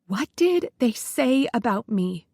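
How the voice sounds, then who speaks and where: A woman narrator voicing a grieving widowed mother who speaks in sharp, indignant bursts, in a dry, close recording. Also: sits high, big pitch swings, normal speed, dry recording. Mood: upset.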